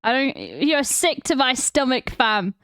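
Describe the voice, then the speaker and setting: High, smooth-voiced sweary woman streamer. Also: wildly swooping pitch, measured pace, fairly bright tone, no echo, studio quality. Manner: blunt, sweary, teasing. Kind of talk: casual stream chat.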